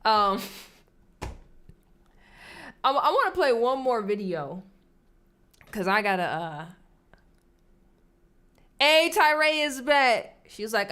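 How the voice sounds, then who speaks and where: A woman's voice: mid-range voice, a bit bright. Chatty woman hosting a casual livestream. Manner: chatty, laughs often, drops to a whisper at times. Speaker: livestream host. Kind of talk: casual chat. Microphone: streaming setup at a desk with screens.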